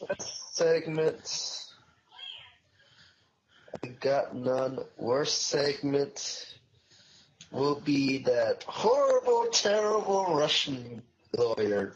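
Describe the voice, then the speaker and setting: Slow, blunt man on a muffled line. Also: mid-range voice, animated, slight background noise. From New Orleans. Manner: blunt, dry short verdicts. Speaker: guest panelist. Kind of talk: casual wrestling review chat.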